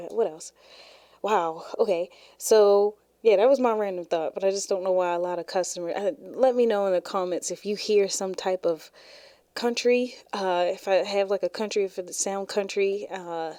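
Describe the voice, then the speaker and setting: Chatty young woman, low mellow voice. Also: no echo, clean studio sound. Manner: chatty, laughs often, rambling. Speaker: podcast host. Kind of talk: casual solo podcast chat.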